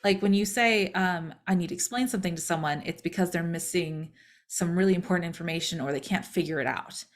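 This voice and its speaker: A woman's voice: fairly low pitch, fairly quick. A woman co-hosting a podcast, telling a story in casual chat and acting out the voices of people she quotes. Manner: chatty, acts out quoted voices. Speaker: podcast co-host.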